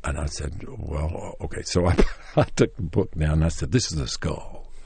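A bass, gravelly voice with a darkish tone and breathy edge belongs to an older Tennessee man recounting his early acting days in an interview at normal speed. He's expressive and rambling, full of restarts and chuckles, and acts out quoted lines more brightly. There's no room sound.

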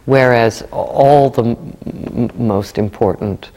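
Mellow-voiced woman, halting, echoing hall. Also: a bass voice. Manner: hesitant, many fillers and restarts. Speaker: guest actor. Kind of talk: conversational interview.

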